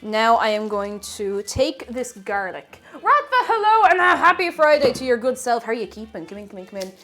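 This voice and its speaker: Young Irish woman from Tipperary, bright-pitched streamer who chats and laughs with her chat while cooking over soft music. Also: big pitch swings, fairly quick. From Tipperary, Ireland. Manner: chatty, giggly, greets chat while cooking. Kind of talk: casual cooking livestream chat.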